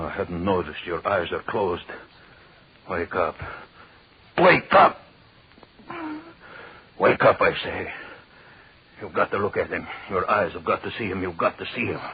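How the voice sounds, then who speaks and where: Casting: very low, slow-talking jealous husband, menacing and cruel, old radio sound. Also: male voice, breathy edge. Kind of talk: 1930s radio drama acting. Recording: dull old radio recording with faint hiss.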